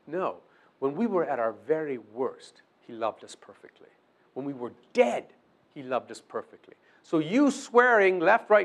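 A man preaching a sermon, asking his listeners questions and acting out quoted prayers. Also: fairly high pitch. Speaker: pastor.

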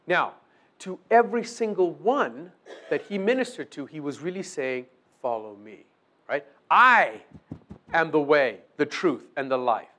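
Male pastor mid-sermon, lively and rangy delivery, slightly raised pitch, acts out quoted prayers. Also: measured pace. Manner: animated preaching, acting out quoted prayers, asks the listeners questions.

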